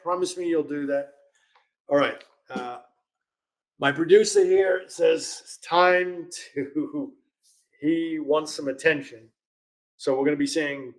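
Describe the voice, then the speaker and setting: Chatty male live-stream host. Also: a little high. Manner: chatty, reads viewer questions aloud, laughs often.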